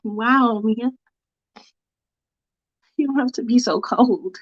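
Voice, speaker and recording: A woman's voice: on the high side, slow pace, no echo, highs cut off, pitched below the performer's own voice. A woman voicing Katie, a flustered teen girl. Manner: flustered, stammering, casual slang. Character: careless apologetic teenage girl Katie.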